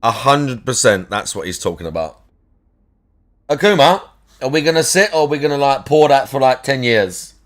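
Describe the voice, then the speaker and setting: A man's voice: medium pitch, expressive, normal speed, a bit bright. A man chatting casually on a live stream, crude and sweary, teasing his cat and ranting between plays.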